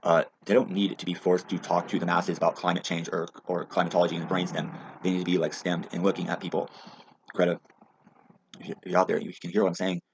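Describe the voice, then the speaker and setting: Fast gravelly low-voiced ranting man. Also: little pitch movement. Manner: agitated, rambling, heavy swearing. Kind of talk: angry profane rant. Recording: muffled lo-fi with faint hiss.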